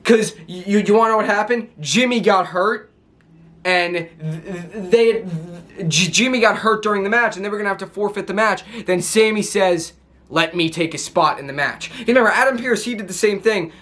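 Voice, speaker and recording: High-voiced young man rambling excitedly. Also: normal speed. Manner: rambling, laughs often, many restarts. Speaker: wrestling show reviewer. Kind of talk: excited casual recap to camera.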